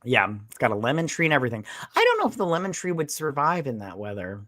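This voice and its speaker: A man's voice: on the high side, huge pitch swings, fast, a bit bright, no echo, studio quality. Casual man retelling scenes in funny voices. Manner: retells scenes in mocking put-on voices, swears freely. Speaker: podcast co-host. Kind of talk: casual drunk movie review chat.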